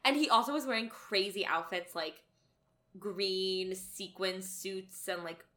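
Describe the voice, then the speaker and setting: Woman, podcast co-host, casual chat, mid-pitched voice, lots of likes. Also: measured pace, a bit bright. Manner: chatty, filler-heavy.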